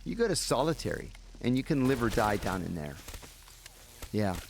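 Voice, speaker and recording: A man, a guest in an interview, telling a story in an animated way and acting out the people he quotes. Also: medium pitch, normal speed, vocal fry, a little hiss or hum.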